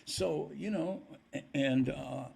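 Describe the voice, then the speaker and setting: An older man with a gravelly, husky voice tells stories as a podcast guest, slipping into the voices of the people in them. His voice sits a little high for a man. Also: slow. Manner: animated storyteller acting out quoted dialogue. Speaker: guest musician. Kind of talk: storytelling in a podcast interview.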